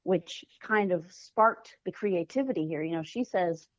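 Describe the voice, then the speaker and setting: A woman, a children's author, speaking earnestly as a podcast guest and often pausing to find her words. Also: lowish voice, dry recording, highs cut off. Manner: earnest, searching for words with fillers. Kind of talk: podcast interview.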